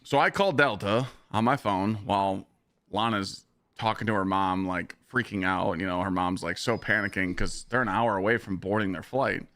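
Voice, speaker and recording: A hoarse man chatting casually on a live stream and telling a story with animated energy. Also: sits low, moderate pace, no room sound. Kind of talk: casual chat.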